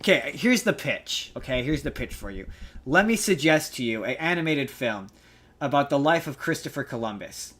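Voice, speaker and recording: A man's voice: medium pitch, big pitch swings, moderate pace, a bit bright. A man hosting a podcast, running the chat playfully and laughing often. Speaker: podcast host. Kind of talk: casual chat.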